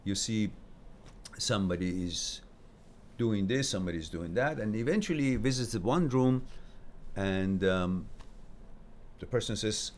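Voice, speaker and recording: A man hosting a live stream, telling stories and giving advice in a casual, animated way, jumping from loud emphasis to quiet asides. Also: on the low side, a little slow, pauses often, a little hiss or hum.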